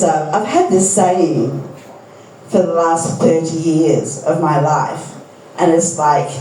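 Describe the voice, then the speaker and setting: A woman's voice: lowish voice, warm tone, heavy reverb, recorded from a distance, slight background noise, low-quality recording. A middle-aged woman with an Australian accent doing a stand-up comedy set, telling dry, self-deprecating stories and bantering with the audience. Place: pub comedy gig.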